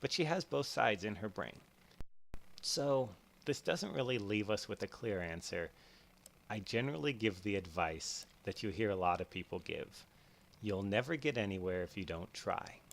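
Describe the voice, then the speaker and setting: A man's voice: fairly low pitch, animated, normal speed, vocal fry. A young man hosting a casual explainer while playing a game, telling stories and acting out what people are thinking. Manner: storytelling, acts out inner voices. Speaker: host. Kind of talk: casual explainer over gameplay.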